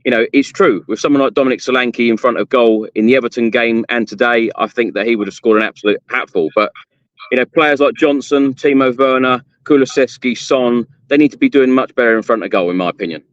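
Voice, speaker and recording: A man hosting a casual football podcast chat, giving his opinion in a measured way and passing questions to his guests. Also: mid-range voice, no room sound. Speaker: podcast host. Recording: dry, muffled lo-fi remote audio.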